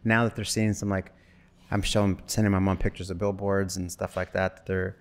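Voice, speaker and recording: Man from Wyoming, forties, low voice, rambling casual storyteller, animated. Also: brisk. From Wyoming, USA. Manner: rambling, animated, acts out quoted dialogue. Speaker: actor guest.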